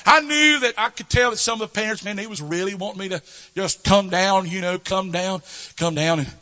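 A man from Kentucky with a Kentucky Southern accent, preaching a revival sermon that swells into shouted, chanting passages. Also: high-pitched, brisk, big-room sound.

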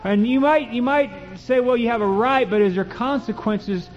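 A man's voice: extremely high pitch, moderate pace, long reverb tail. A man preaching a sermon and reading scripture in a folksy, emphatic way that builds to fervent peaks. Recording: dull lo-fi recording.

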